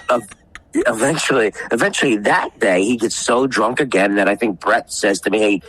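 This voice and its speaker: A man's voice: mid-range voice, fairly bright tone, husky, low-quality recording. A man telling a rambling, profane story on a casual podcast, often acting out the people he quotes. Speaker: guest storyteller.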